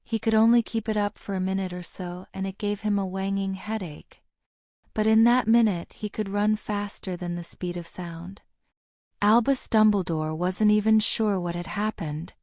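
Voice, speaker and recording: Mellow woman narrating an audiobook. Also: mid-range voice, steady tone, moderate pace, no echo, clean studio sound. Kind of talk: scripted narration.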